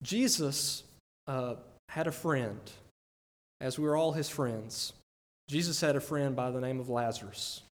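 In a church sanctuary with a long reverberant echo, a man with a medium-pitched voice preaches a little slowly. As pastor, he keeps his sermon earnest and conversational, regularly checking in with the congregation by saying "right?"

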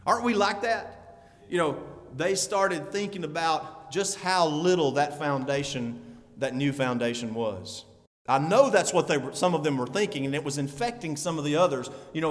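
Pastor guy, high voice, folksy preaching w/ little chuckles, big echoey church. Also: lively intonation, moderate pace. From Alabama, US. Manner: folksy preaching with chuckles, rising to fervent exhortation. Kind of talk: sermon.

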